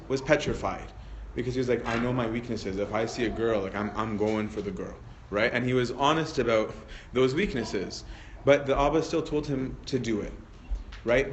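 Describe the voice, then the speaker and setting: A male priest leading a Bible study in a relaxed teaching manner, often adding tag questions and restarting sentences. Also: medium pitch, slight background noise. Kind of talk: conversational teaching talk.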